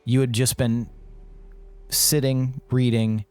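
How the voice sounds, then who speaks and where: A man narrating a tabletop game as game master, relaxed and quick to laugh. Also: mid-range voice, clear, resonant tone, faint music behind. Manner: easygoing, laughs often.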